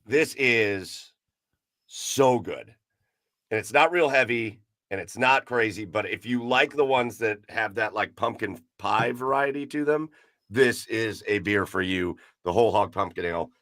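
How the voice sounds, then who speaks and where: Laid-back Midwestern podcast host, bright dry voice. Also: male voice, fairly low pitch, measured pace, dry recording. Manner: loose, laughing, filler-heavy. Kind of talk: casual chat.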